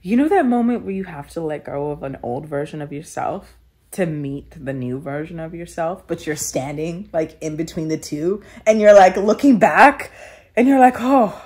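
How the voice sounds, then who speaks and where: A woman's voice: low voice, animated, normal speed, darkish tone. A woman telling a candid personal story in an interview, earnest and reflective, with many filler "likes". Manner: tearful laughing when moved.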